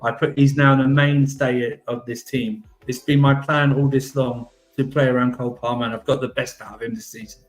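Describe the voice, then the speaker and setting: A boastful, defensive football manager, as a man improvises him, brushes off every hard question with rambling excuses. His voice sits at an ordinary middle pitch, and a faint bit of music hangs in the background. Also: level tone, brisk, few pauses, close to an everyday voice. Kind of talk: improvised comedic role-play.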